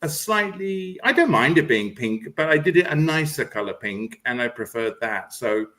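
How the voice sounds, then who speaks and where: A man's voice: medium pitch, lively intonation, normal speed, bright, forceful tone, low-quality recording. A man chatting on a video call, telling stories about himself and laughing as he goes. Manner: storytelling, self-mocking, laughing. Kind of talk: casual chat on a video call.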